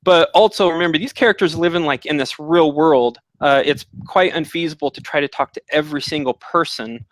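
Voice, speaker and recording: A man's voice: fairly high pitch, brisk, no room sound, rough recording. A man narrating a tabletop game as dungeon master, explaining rules with many filler words.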